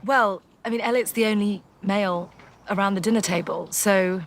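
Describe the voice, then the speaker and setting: A woman's voice: medium pitch, normal speed, gravelly, slight background noise. A woman dinner guest who works as a radio presenter, speaking bluntly and wryly to camera. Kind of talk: candid talk to camera.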